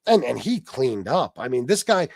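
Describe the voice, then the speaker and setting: A man's voice: mid-range voice, very animated, normal speed, gravelly, darkish tone, no echo, clean studio sound. A man hosting a casual livestream, telling a story with lots of swearing and laughter and answering his chat. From Sicilian heritage. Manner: profane, laughing storyteller, reads chat aloud. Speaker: livestream host.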